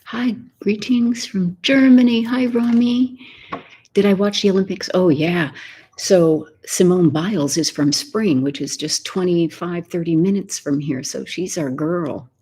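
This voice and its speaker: An older woman hosting a soft-spoken ASMR live chat from her home, greeting viewers and often slipping into a whisper. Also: fairly low pitch, breathy edge. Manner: soft and unhurried, slipping into whispers while reading viewer comments. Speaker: ASMR host. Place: home, Texas.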